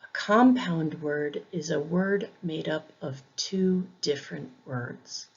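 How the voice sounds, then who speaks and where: This pronunciation teacher's voice sits low with a breathy edge, and the audio has its highs cut off. She works slowly and clearly through English words, saying each one deliberately and repeating it for students to imitate.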